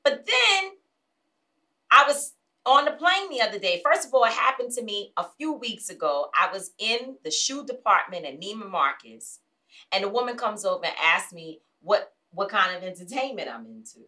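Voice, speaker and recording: Woman host, casual storyteller; lively, swooping pitch, acts out quotes, swears freely, mic a little distant. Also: moderate pace. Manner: animated, acts out other people's lines in quotes.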